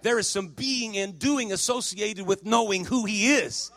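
A male pastor preaching a sermon at a men's conference, moving between shouted, sing-song preaching and quiet, low teaching. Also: unhurried.

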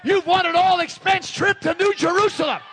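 A man preaching a fiery revival sermon at a crusade meeting, shouting, punchy and joking with the congregation. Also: very high-pitched, fairly even intonation, normal speed, noisy background.

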